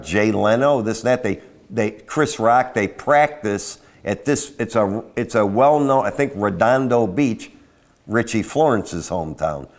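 A man co-hosting a casual chat show, telling rambling stories full of asides. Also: on the low side. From Florida. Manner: rambling, animated storyteller with frequent asides. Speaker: podcast co-host.

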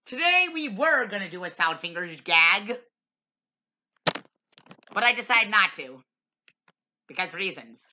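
Mock-grumpy woman reviewer-host, bright and lively, lo-fi home recording. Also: mid-range voice, measured pace, pauses often, slight background noise. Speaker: film reviewer, show host. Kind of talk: home-made comedy review.

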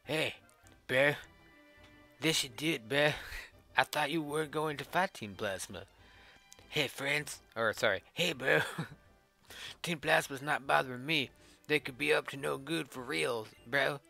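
A man's voice: on the high side, unhurried, gravelly, pauses often, sharp tone, soft background music, full character voice. A man voicing a laid-back young guy who says bro constantly, in a put-on Newfoundland accent, reading game dialogue aloud. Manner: drawling, tacks bro onto every line.

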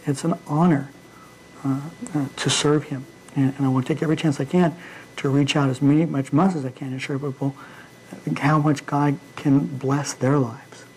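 A man preaching an informal midweek sermon in a church, talking in a halting way with frequent fillers and restarts. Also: mid-range voice, a little mellow, slight background noise, poor audio.

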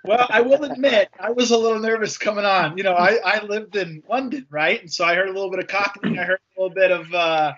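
Upbeat high-voiced American man on a call. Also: steady tone, quick pace, few pauses, fairly bright tone, highs cut off. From USA. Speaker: guest. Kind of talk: casual video call chat. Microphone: video call.

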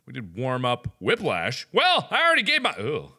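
A young man giving loud, jokey let's-play commentary, swinging between deep mutters and high yelps. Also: wildly swooping pitch, normal speed, hardly any pauses, over music. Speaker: gaming video host.

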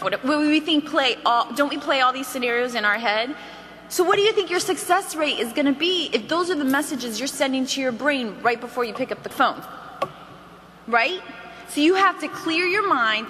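A woman giving an energetic motivational sales training to a roomful of people, acting out phone calls as she goes. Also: high voice, big-room sound, a little hiss or hum. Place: meeting hall.

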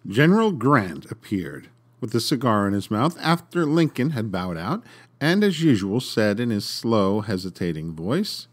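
Podcast guy reading a story, lowish voice, really animated delivery. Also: a little slow. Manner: expressive, dramatic reading. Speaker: podcast host and narrator. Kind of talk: storytelling narration.

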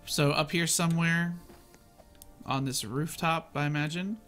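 An excitable man hosts a gameplay video, narrating every jump and swing in a casual running commentary. His voice is bright and forceful, with soft music playing behind him. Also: fairly high pitch, measured pace. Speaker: gaming channel host.

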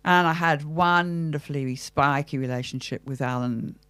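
A woman's voice: sits low, normal speed, a bit bright, clear, resonant tone, no echo. An older Australian woman, an actress talking thoughtfully and theatrically in an interview, asking herself questions as she goes. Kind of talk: reflective interview talk.

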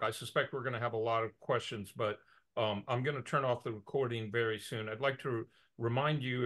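A man's voice: medium pitch, fairly bright tone. A man hosting a talk series over a video call, wrapping up with loose, friendly remarks and some fillers. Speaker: host. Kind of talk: closing remarks at an online talk.

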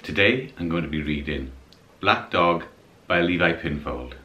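Male storybook reader, very low voice with lively intonation, hosts his own reading channel. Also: measured pace, slightly rough. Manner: expressive, storytelling delivery. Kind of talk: reading a picture book aloud.

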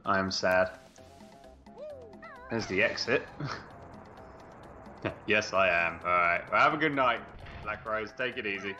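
A man's voice: fairly low pitch, measured pace, pauses often, pushed and bright. A British man co-hosting a let's play, bantering and humming nonsense tunes while he plays. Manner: bantering, hums and sings nonsense while playing. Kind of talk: casual gaming commentary. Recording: dull lo-fi with game music.

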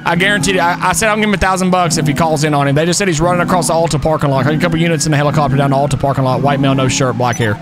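A man streaming a police role-play game, talking in excitable slang and laughing a lot. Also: on the high side, very fast, few pauses, heavy background noise. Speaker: streamer playing a police officer.

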